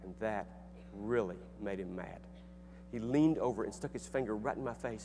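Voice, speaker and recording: A man's voice: on the low side, normal speed, dark tone. A middle-aged man telling a personal story to an audience in an earnest, conversational way, with restarts and fillers. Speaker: speaker and author. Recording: echoey hall with faint hum.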